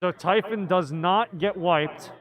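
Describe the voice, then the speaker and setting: A man's voice: sits high, takes it slowly, a bit bright, poor audio. A man casting a card game tournament live, chatty and often laughing. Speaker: tournament commentator.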